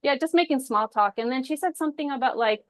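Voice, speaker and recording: A young woman hosting a webinar, telling her personal story in a chatty, animated way. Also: high-pitched, fast, no echo. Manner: chatty and animated, acts out quoted voices. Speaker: intuitive healer hosting a webinar.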